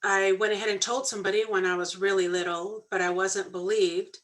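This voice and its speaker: A woman's voice: medium pitch, fairly quick, poor audio. Earnest woman telling a personal story. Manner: earnest, animated when quoting others. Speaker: podcast co-host sharing her story.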